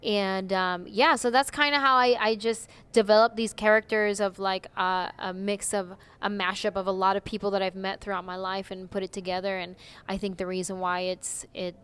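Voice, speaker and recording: A young woman comedian chatting in an interview, animated and full of "like" and "you know". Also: mid-range voice, normal speed, clear, resonant tone. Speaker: comedian guest. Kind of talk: casual interview chat.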